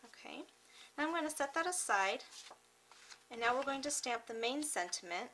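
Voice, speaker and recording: A woman hosting a card-making tutorial, talking through each step in a chatty, unhurried way with small fillers and self-corrections. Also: sits high, lively intonation, fairly bright tone, a little hiss or hum, poor audio. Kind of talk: step-by-step craft tutorial narration.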